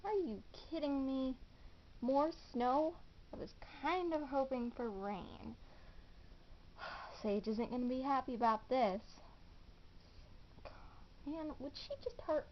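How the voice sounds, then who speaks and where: A woman's voice: high-pitched, slow, pauses often, dull audio. A girl voicing a worried, sensible girl who sighs and hesitates. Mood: fretful. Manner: sighing, hesitant.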